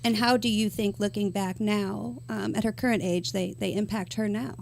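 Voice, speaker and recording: Woman, co-host, gentle measured question, faint background noise. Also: mid-range voice, fairly even intonation, gravelly. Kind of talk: casual interview question.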